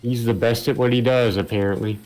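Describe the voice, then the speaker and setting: A man's voice: medium pitch, steady tone, brisk, a little mellow. A middle-aged man casually chatting while playing a video game with a friend, sharing comic-book trivia. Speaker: gaming channel host. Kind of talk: casual gameplay chat.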